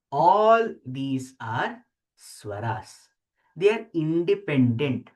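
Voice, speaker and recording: A teacher slowly explaining letters and sounding each one out for the class. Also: medium pitch, a little mellow. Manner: slow, deliberate, repeats sounds aloud for practice. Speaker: Sanskrit teacher. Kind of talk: explaining script while writing letters.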